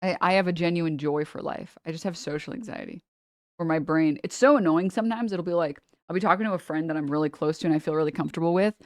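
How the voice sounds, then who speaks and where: A woman livestreamer chatting casually with her viewers and reading chat, rambling and animated, laughing often and swearing freely. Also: deep voice, fast, no echo, studio quality.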